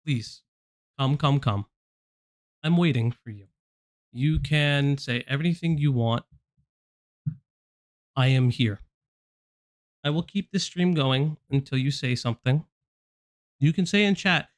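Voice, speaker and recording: A man's voice: mid-range voice, unhurried, long pauses, no room sound. A man hosting a livestream, speaking directly to someone in a confrontational, repetitive way. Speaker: stream host. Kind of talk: livestream commentary.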